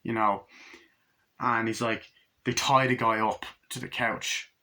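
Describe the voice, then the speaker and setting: A man giving a casual, rambling movie review, excitable and full of profanity. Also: mid-range voice, a little slow.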